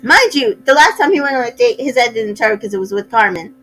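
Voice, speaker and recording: A woman hosting a casual recap, chatty and opinionated, with sassy asides and quick voices for the people she quotes. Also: fairly high pitch, animated, bright, forceful tone, a little hiss or hum, poor audio. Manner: acts out cast members' lines in quick voices. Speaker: recap host.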